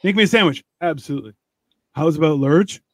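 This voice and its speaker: A man chatting casually on a podcast, rambling with halting restarts and crude jokes. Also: a little high, no echo. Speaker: podcast guest. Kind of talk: casual chat.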